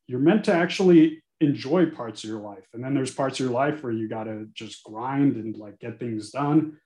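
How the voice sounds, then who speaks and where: Frank fortysomething guy on a podcast, mid-pitched, echoey room sound. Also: normal speed. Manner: earnest, frank and animated, sometimes cursing. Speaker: guest, attorney. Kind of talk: candid podcast interview.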